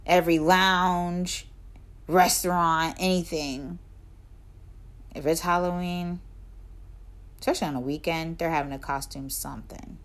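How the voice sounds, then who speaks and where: A woman's voice: measured pace, long pauses. A woman co-hosting a casual chat podcast, telling stories animatedly and acting out quotes, sometimes dropping to a near whisper for asides. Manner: animated storytelling, acts out quotes with big pitch jumps and laughter. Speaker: podcast co-host.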